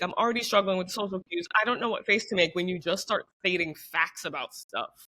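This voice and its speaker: A woman co-hosting a podcast in casual chat, lively and acting out quoted people. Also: fairly quick, hardly any pauses. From United States. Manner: animated, acts out quoted voices with big pitch jumps. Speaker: podcast co-host.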